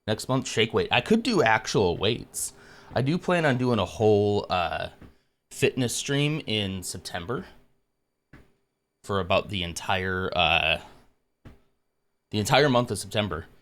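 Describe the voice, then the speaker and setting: Out of breath from exercise, a man hosts a casual live stream, chatting with viewers, greeting them by name, and poking fun at himself. His lowish voice is expressive and a bit bright, and he speaks unhurriedly with frequent pauses.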